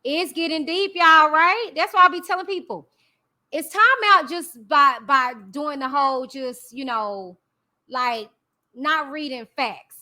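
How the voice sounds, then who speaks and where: A woman's voice: high voice, sharp tone. A woman reading a court document aloud on a casual live stream, breaking off to chat with viewers and hum her reactions. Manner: chatty, reacts with drawn-out hums.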